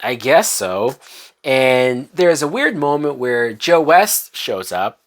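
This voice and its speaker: A woman's voice: very deep voice, sing-song, slow. A woman reviewing a TV finale in a profane, exasperated rant, swearing and mocking as she goes. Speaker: TV show reviewer.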